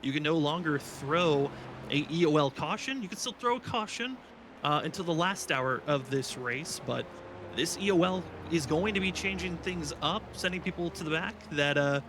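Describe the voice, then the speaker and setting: A man hosting a live sim racing charity broadcast, quick and upbeat, reading names and updates. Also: fairly high pitch, noisy background. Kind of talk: live race commentary.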